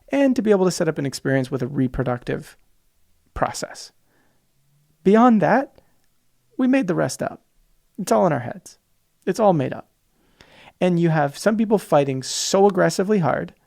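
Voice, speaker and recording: A man's voice: a little high, gravelly, a little mellow. A man hosting a podcast alone, talking passionately and emphatically, sometimes mimicking opposing views in mocking voices. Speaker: podcast host. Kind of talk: solo podcast monologue.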